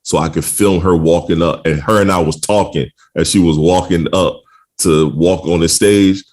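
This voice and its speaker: A man's voice: sits low, fairly even intonation, moderate pace, a little mellow. A middle-aged man hosting a podcast, talking in a laid-back, casual way with lots of slang and laughter. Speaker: podcast host.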